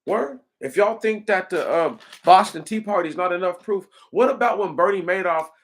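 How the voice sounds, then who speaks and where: A man with a somewhat high voice delivers a loose, rambling monologue. He talks in an animated, profane way, keeps checking in with his audience and jumps from point to point. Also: normal speed. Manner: animated, profane, rambling, addresses listeners as y'all. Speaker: commentator. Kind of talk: casual monologue.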